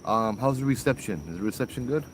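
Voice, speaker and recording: A man's voice: medium pitch, lively intonation, fast, rough recording. A man hosting a live ghost story stream outdoors at night, chatting casually and greeting viewers by name. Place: outdoors at night in a rural spot. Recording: outdoor night noise, crickets. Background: crickets and insects.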